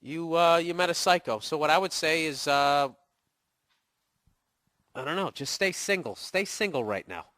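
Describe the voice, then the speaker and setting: A man's voice: fairly high pitch, lively intonation, moderate pace, pauses often, bright, forceful tone, no echo, studio quality. Profane, sarcastic man with a Boston accent. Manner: profane, sarcastic, mocking impressions. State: getting over a cold, voice cracking. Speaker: podcast host answering listener emails. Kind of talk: casual ranting monologue.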